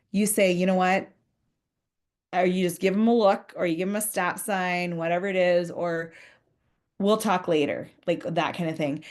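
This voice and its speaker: A woman giving a conversational professional development talk to school leaders, earnest, acting out short example dialogues. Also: fairly low pitch.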